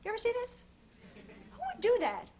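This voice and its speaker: Young stand-up comic, woman, self-deprecating, high animated delivery, loud audience. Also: fairly quick. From Long Island, New York. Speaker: stand-up comedian. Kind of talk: stand-up routine. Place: television studio stage. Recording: loud studio audience and noise.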